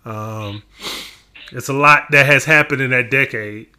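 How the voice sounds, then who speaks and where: A man's voice: mid-range voice, unhurried, pushed and bright. A man hosting a podcast, asking rambling, casual questions with many fillers and restarts. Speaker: podcast host. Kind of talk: casual interview chat.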